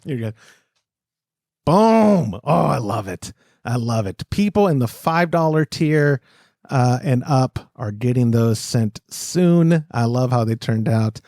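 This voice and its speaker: A man's voice: mid-range voice, slow, no echo, studio quality. A man hosting a casual podcast, chatting loosely, plugging sponsors, laughing often and correcting himself mid-sentence. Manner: animated, laughs often, rambling self-corrections. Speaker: podcast host.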